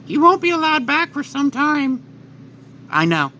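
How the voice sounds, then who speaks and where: A man's voice: very high-pitched, big pitch swings, a little slow, bright, forceful tone, a little hiss or hum, voice pushed up, exaggerated voice. A man voicing a determined, grieving young wife who speaks in a firm, pleading way.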